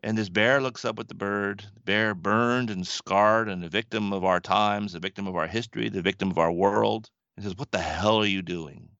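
A man's voice: on the low side, steady tone, moderate pace, few pauses, no echo, muffled recording. A man from the western United States, a Buddhist teacher, earnestly telling a story in reflective conversation. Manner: storytelling, earnest, laughs softly.

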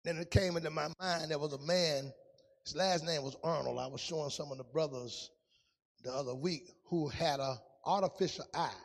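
Gravelly high-voiced preacher. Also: male voice, normal speed, in a large hall. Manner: sing-song preaching, shifts from hushed to shouting. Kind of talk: testimony sermon.

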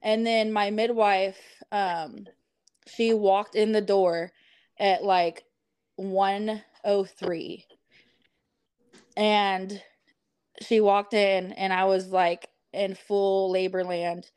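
A woman's voice: medium pitch, level tone, extremely slow, darkish tone, clean tone, no echo. A woman guest on a podcast, casually telling a story in a chatty way with lots of fillers. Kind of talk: casual chat.

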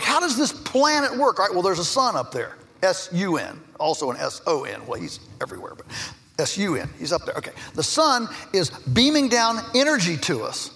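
A middle-aged farmer from Virginia giving a lively conference speech, an animated storyteller who slips in jokey asides. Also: male voice, high voice. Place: large conference hall. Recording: echoey hall with long reverb.

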